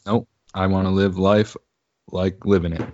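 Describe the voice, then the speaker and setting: Thirty-something guy, fairly low voice, rambling and cursing on a dull lo-fi podcast recording. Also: level tone, moderate pace, a little mellow, no echo. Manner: rambling, profane, laughs often. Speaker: podcast co-host. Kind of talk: casual chat. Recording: dull lo-fi audio.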